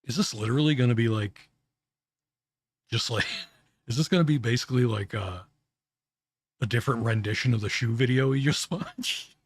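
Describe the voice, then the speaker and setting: Husky-voiced man reacting to videos. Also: mid-range voice, dry recording. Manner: halting, restarts words often, chuckles. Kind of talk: casual live reaction commentary.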